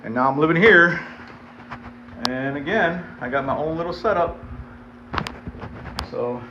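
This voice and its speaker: A man's voice: fairly high pitch, expressive, unhurried, dull audio. Give me a laid-back man talking to viewers during a home workout, faint noise behind. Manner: laid-back, chatty, talks to viewers directly. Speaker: vlogger. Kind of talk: casual chat between workout sets. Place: home weight-training setup.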